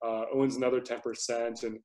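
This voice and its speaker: A man speaks as a guest in a conversational interview, with a mid-range voice that sits in the middle for a man. He explains things in a measured way and often restarts on a repeated word as he lays out his reasoning. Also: mid-range voice, level tone, mellow. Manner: measured, explanatory, repeats words when starting. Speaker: guest investor.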